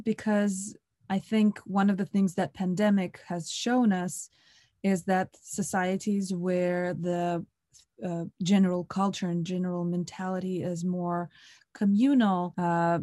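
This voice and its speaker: A woman interviewer asking a long, curious question with frequent pauses and fillers. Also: lowish voice, dark tone, no room sound, studio quality.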